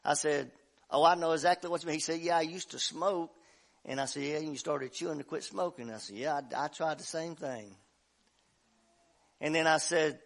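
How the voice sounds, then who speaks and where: Man, pastor type, folksy storyteller who builds to shouting, slightly higher pitch. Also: normal speed, vocal fry, long pauses. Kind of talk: sermon. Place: church sanctuary.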